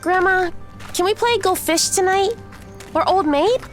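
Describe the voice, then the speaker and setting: A woman voices a caring eleven-year-old girl who looks out for her little brother. Her voice is very high. It is an audio drama role. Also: unhurried, faint music behind. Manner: sensible, caring.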